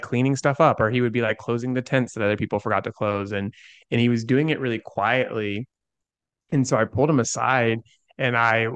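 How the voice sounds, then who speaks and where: Earnest man with a gravelly voice. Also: medium pitch, fairly bright tone, no room sound. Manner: earnest, many "like" fillers. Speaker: guest. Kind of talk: conversational storytelling.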